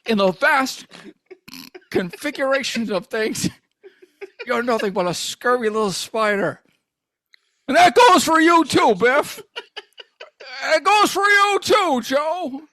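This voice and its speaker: A man's voice: extremely high pitch, expressive, takes it slowly, long pauses, pushed and bright, dry recording, clean studio sound, voice pushed up, exaggerated voice. A man doing a comedic impression of a stammering, folksy old-time film leading man, drawling and pleading.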